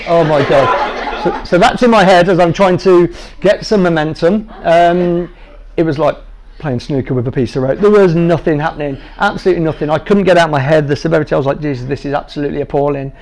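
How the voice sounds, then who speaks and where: In a humorous talk to trainees about his own patient story, this jovial man in his thirties jokes at his own expense and shrugs things off. His gravelly voice is a little high and darkish, and he speaks at a quick pace.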